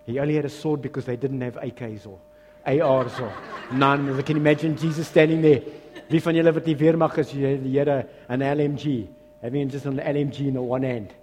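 A man with a South African accent preaching a sermon as pastor, switching between loud exclamations and quiet asides. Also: medium pitch, fairly quick, in a large hall, a little hiss or hum. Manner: animated preaching, shifts between shouting and hushed asides.

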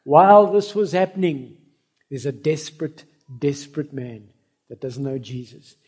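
A man's voice: a little high, animated, moderate pace, darkish tone, slightly rough. A man preaching a sermon, telling stories and speaking directly to the congregation. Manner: storytelling, addresses the congregation directly.

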